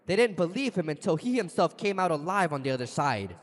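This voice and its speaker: A male pastor preaching a sermon, telling stories dramatically with sudden leaps in pitch. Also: big pitch swings, fairly quick. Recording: long reverb of a large hall.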